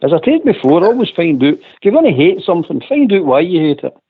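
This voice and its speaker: A man calling in to a radio phone-in, talking fast and repeating himself. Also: a little high, very animated, slightly rough, no room sound. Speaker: caller. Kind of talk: casual phone-in chat. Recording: tinny dry phone line.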